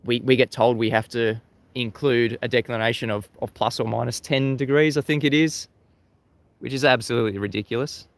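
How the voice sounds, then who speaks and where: A man's voice: medium pitch, fairly even intonation, fairly quick, dry recording. Chatty Australian man hosting a livestream. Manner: chatty, laughs often, repeats words as he restarts. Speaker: livestream host. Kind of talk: casual live-stream talk, reading chat. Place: outdoors facing the sea at sunrise.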